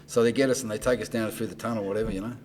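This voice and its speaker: An older man with an Australian accent, a podcast guest telling lively backstage anecdotes and acting out the dialogue. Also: lowish voice, very fast, a little hiss or hum. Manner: animated anecdote-teller, acts out dialogue in raised voice. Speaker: guest, entertainment promoter. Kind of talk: casual storytelling on a podcast.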